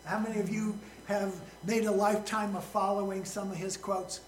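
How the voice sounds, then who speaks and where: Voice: mid-range voice, level tone, normal speed, roomy sound, a little hiss or hum, rough recording. A pastor preaching a sermon in a folksy, joking way, asking the congregation questions along the way.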